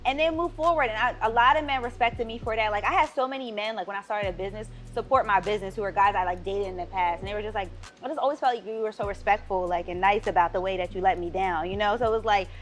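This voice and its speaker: Young woman on a podcast, quick and bright, chatty storyteller, soft music underneath. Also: medium pitch. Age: young adult. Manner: animated storyteller, lots of "like" and "you know". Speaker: podcast co-host. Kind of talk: casual chat.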